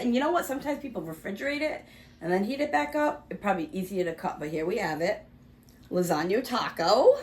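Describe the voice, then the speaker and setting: A woman's voice: mid-range voice, a little hiss or hum. A woman hosting a casual cooking vlog, chatty and talking while she eats. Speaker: cooking vlogger.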